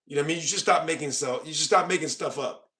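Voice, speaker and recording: Racing along in a bright, forceful voice on the high side, an American man hosting a laid-back stream reads comments from viewers. He fakes outrage for laughs and calls them bro.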